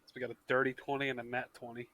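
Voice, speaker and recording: A man with a bright, forward voice, chatting loosely between turns of a tabletop game. He is quick to giggle and apologize, and his voice sits at a middle pitch through a plain call mic. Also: little pitch movement, no room sound. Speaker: player. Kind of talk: casual chat at the gaming table.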